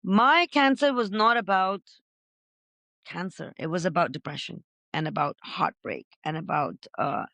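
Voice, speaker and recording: Woman, podcast guest, middle-aged, gravelly, loud expressive storytelling, dry sound. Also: fairly low pitch, measured pace, no room sound. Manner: expressive, says she is loud and gregarious. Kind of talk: emotional personal storytelling.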